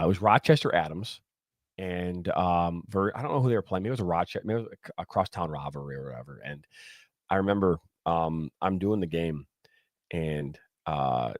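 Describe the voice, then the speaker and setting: A former soccer referee on a podcast, telling stories in a lively way and acting out what players and coaches said. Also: male voice, sits low, dry recording, studio quality. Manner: animated storyteller acting out quotes, many restarts. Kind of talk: casual storytelling chat.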